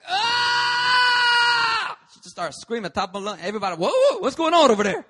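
A man, a pastor, preaching a sermon in an emphatic, storytelling manner at a church service. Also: a little high. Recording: long reverb of a church hall.

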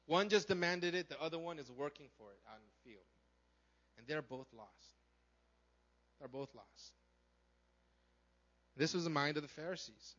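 Bright-voiced, animated male preacher. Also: high-pitched, normal speed, pauses often, lo-fi sound. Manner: animated, conversational, acts out characters, asks the crowd questions. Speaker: pastor. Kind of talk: sermon.

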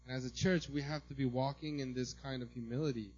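A male pastor preaches in a loose, conversational way, often checking in with "right?" and sometimes breaking into a loud outburst of mimicry. His voice sits in a middle pitch. The recording sounds dull and lo-fi. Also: fairly even intonation, quick pace. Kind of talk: sermon.

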